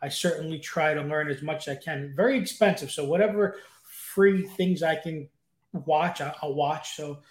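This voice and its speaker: In a home room full of guitars, a man appearing as a podcast guest talks casually and eagerly, wandering off with fillers. He speaks at a moderate pace in a slightly high voice, and the recording sounds roomy.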